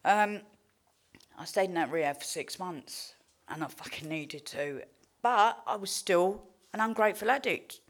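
A woman's voice: on the low side, expressive, unhurried. An English woman giving a candid, heartfelt recovery testimony, swearing freely and telling her story with animation. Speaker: recovery speaker.

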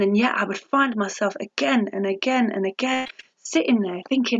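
A woman's voice: mid-range voice, normal speed. A woman giving a blunt, candid recovery testimony, swearing freely. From England. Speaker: recovery speaker. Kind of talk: personal testimony talk. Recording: dull lo-fi audio.

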